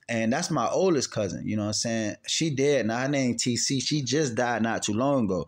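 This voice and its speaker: A man's voice: lively intonation, fairly quick, few pauses. Profane man telling a story. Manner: profane, rambling, swings from loud outbursts to low quiet recounting. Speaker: channel host answering questions. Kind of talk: casual storytelling monologue.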